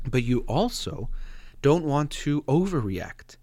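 A man giving a thoughtful, measured explanation of parenting and feelings, trailing off softly at the ends of phrases and pausing with fillers. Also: medium pitch, sing-song, dry recording. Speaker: speaker on parenting and emotions. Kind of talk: reflective explanatory monologue.

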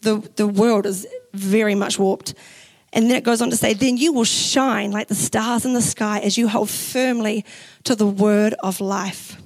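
A young woman pastor from New Zealand with a New Zealand accent, preaching a sermon in a chatty, animated way and acting out the quotes in her stories. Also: mid-range voice, a little slow, poor audio. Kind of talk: sermon with personal story. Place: church.

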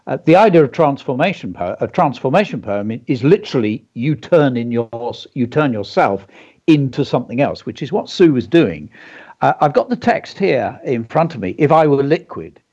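Husky man teaching writing on radio. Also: medium pitch, very animated, moderate pace, a little mellow, muffled recording. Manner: explaining, reads the story aloud.

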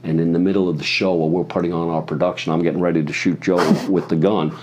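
A man's voice: deep voice, level tone, fast, darkish tone, lo-fi sound. A man telling a meandering, swear-filled story in conversation. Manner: profane, meandering, acts out other people's voices. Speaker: guest storyteller. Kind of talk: rambling anecdote in conversation.

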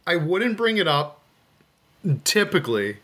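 A man's voice: high voice, sing-song, a little slow, pushed and bright. A man co-hosting a podcast over a video call, chatting in an easygoing, talkative way. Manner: easygoing, chatty, laughs easily. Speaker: podcast co-host. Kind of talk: casual chat.

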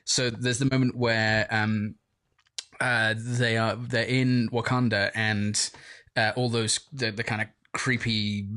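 A man's voice: fairly low pitch, flat delivery, slow pace, pushed and bright. A young man co-hosting a casual film review chat, hesitant with many fillers but enthusiastic. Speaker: podcast co-host.

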